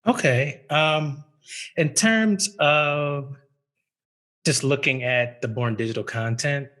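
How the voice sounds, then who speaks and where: A man's voice: medium pitch, slow pace, a bit bright, low-quality recording. A man speaking as a university archivist on a panel, thoughtful and conversational, with frequent fillers. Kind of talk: panel discussion.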